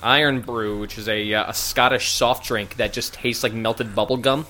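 A man with a bright, forceful voice trading casual podcast banter. He swears freely and delivers dry, sarcastic asides. His pitch is middle. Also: steady tone, moderate pace. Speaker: podcast co-host. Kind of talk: casual chat.

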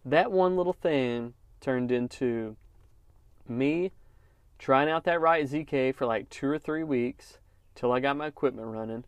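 A man's voice: mid-range voice, a little slow, clear, resonant tone, dry recording. A man telling a story on his podcast in a casual, encouraging way and calling listeners "man.". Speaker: podcast host, lawn care business owner. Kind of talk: casual motivational podcast talk.

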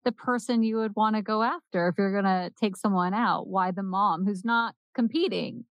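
A woman co-hosting a podcast, reacting to the story in casual chat with jokes and quick asides. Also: mid-range voice, no echo. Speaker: podcast co-host.

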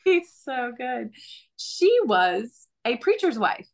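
A woman's voice: a little high, sing-song, takes it slowly. A young woman sharing her faith testimony in an earnest, conversational way, often laughing. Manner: earnest, laughs often, acts out quoted voices.

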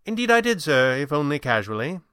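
A formal, inscrutable older butler who keeps his answers short and polite, as a storybook reader puts him on. The voice is bright and smooth, measured and reserved. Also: fairly high pitch, very animated, dry recording, clean studio sound, voice pushed up.

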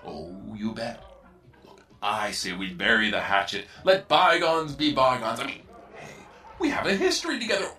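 A scheming ship computer from a cartoon, voiced by a man, oozes false friendship with huge leaps in pitch. His tone is bright and edged, and the voice sits a bit far from the mic. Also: sing-song, normal speed. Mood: fawning. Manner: oily, fawning, sinister.

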